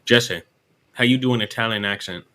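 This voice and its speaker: Western roleplayer, man, bright forceful voice, folksy and pushy. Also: on the low side, a little fast. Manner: folksy, profane, persuasive. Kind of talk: in-character roleplay chat.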